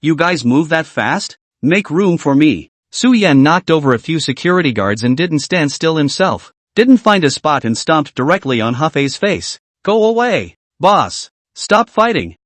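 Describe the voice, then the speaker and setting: A male narrator reading a comic recap with a lively, swinging pitch and a fairly high voice for a man. The sound is dry and close, with no room around it. He reads the dialogue and the narration alike in one steady voice. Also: normal speed, hardly any pauses, dry recording.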